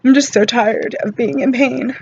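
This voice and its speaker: A woman talking in an unscripted personal vlog, weary and emotional from pain, halting and apologetic with many pauses and fillers. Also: on the high side, steady tone, a little mellow, breathy edge, lo-fi sound. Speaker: vlogger.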